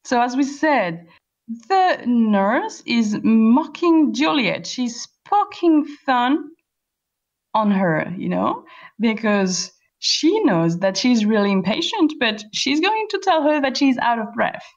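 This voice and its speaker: A woman teaching an online class, asking questions patiently and spelling words out slowly. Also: on the high side, sing-song. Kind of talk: online class explaining a play. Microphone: computer voice call. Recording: lo-fi voice-call audio.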